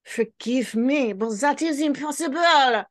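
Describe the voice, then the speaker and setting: Perplexed noblewoman, exclaiming high and loud, as a woman puts her on. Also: steady tone, unhurried, close to an everyday voice. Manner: exclaiming, higher and louder.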